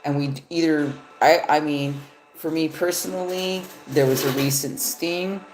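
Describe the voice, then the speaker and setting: A woman's voice: sits low, steady tone, unhurried, a little mellow. A woman reading tarot cards live, talking in a loose, rambling, profane way. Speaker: tarot reader. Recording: echoey room.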